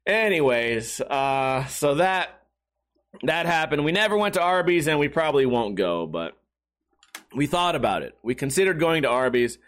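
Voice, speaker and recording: A young man hosts a solo podcast, riffing on whatever comes to mind with crude, self-mocking humor. His voice sits high and swings widely in pitch as he rambles. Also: sing-song, normal speed, a bit bright. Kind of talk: solo comedic monologue.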